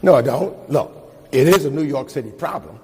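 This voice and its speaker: An older man answering an interviewer firmly, pausing with fillers. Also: mid-range voice, lively intonation, a little mellow, big-room sound. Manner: firm, halting with fillers. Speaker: politician in news interview.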